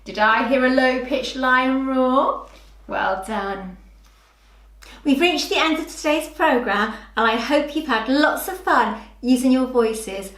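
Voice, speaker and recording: A woman teacher giving a preschool phonics lesson, talking slowly to small children in a sing-song, animated way. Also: high-pitched. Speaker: early years teacher. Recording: roomy echoey room.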